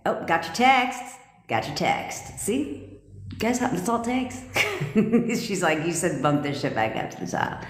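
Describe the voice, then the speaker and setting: Profane, laughing woman coach. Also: low voice. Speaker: manifestation coach. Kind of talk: casual live-stream chat. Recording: echoey room with long reverb.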